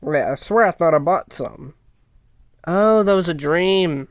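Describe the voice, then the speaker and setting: A man's voice: fairly high pitch, expressive, measured pace, dry recording. A man performing a casual comedy skit, stammering and bickering in an exasperated way. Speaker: comedy video creator voicing several characters.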